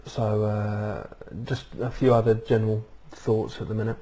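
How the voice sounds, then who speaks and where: A man hosts his own video blog, talking casually into a webcam microphone and rambling with lots of "um"s and "uh"s. His voice sits on the low side, dark and level, at a normal speed.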